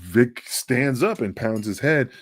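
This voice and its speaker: A man's voice: mid-range voice, animated, takes it slowly, breathy edge, no echo. A middle-aged man, a wrestling guest, telling a story in casual chat, acting out quotes and swearing freely.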